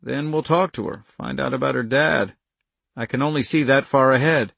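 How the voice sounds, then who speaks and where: A man voicing a gruff, steady middle-aged farmer who talks flatly and plainly. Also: medium pitch, moderate pace, no echo. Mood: firm. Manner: flat, plain-spoken.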